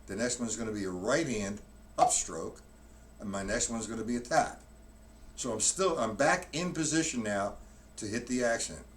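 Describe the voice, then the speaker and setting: In a live-streamed lesson from a room with a drum kit, a male drum teacher with a mid-range voice plainly walks through each step, often restarting his sentences. The mic is distant, loud drumming fills the background, and there's a slight hiss or hum.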